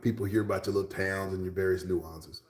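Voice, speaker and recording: A very deep-voiced man rambles through a casual livestream chat, answering his viewers by name. He slips into a whisper for asides, and his voice rings in a roomy, echoey space. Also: steady tone, a little fast, darkish tone. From Texas. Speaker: livestream host.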